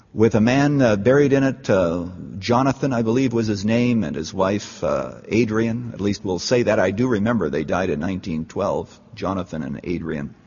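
A man's voice: fairly low pitch, darkish tone, breathy edge. A man preaching a sermon, telling a story and rising to fervent appeals. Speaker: pastor. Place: large church. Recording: dull, echoey church hall.

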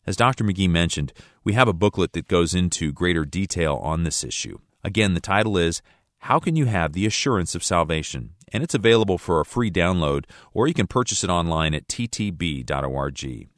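A man announces a radio Bible program in a smooth, measured read. His voice is very low. The sound is dry and close, with no room echo. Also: expressive. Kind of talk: scripted announcing.

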